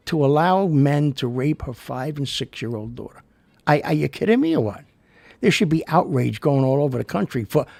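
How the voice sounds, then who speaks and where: A man's voice: mid-range voice, gravelly, husky, dry recording. A male show host telling rambling personal stories and reacting to the news, full of fillers and restarts, turning indignant.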